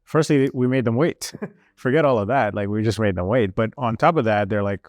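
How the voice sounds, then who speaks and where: A young man recounts a trip in easy, animated chat, his voice sitting in a middle register. He stumbles through fillers and slips into quick impressions of the people he met. The sound is dry and close. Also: mid-range voice, dry recording. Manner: animated, lots of fillers, mimics officials. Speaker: guest telling a travel story. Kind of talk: casual storytelling.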